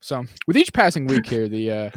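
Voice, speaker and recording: A man's voice: mid-range voice, sing-song, no echo, studio quality. Rambling man recapping with restarts. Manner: mimics characters in quick acted asides. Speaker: podcast co-host. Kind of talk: casual chat.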